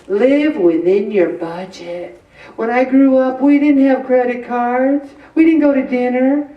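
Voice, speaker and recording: Here a middle-aged inspirational speaker with a slightly high voice jokes her way through a chatty faith talk on stress, acting out brief back-and-forths. The lo-fi audio was captured with the mic at a distance in an echoey room.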